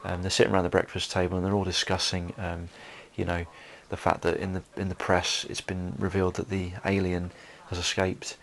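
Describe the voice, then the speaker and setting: A man's voice: sits low, monotone, brisk, creaky, few pauses, a bit bright. A man giving a solo film commentary, rambling with many fillers and restarts.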